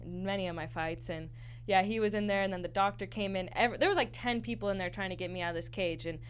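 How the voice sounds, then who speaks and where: A woman pro fighter tells her stories bluntly, laughing often and swearing freely. Her voice sits at a middle pitch, with faint noise behind. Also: quick pace. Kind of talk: casual storytelling.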